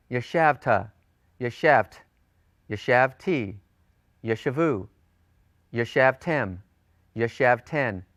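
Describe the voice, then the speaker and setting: A man teaching a recorded grammar lesson, speaking deliberately and repeating forms slowly for drilling. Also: on the high side, fairly bright tone, no room sound. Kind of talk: recorded lecture.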